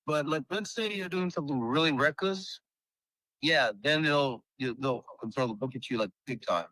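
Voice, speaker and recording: A podcast host with a higher-pitched, bright and forceful voice talks at a normal speed, with no echo but poor audio quality. He rambles through stories in casual chat, using lots of fillers.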